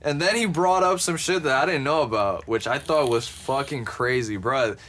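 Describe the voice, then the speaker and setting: A podcast co-host with a medium-pitched, fairly bright voice speaks at a normal pace over a slight hiss or hum. In casual chat he swears freely and reads quotes aloud, sounding laid-back and amused.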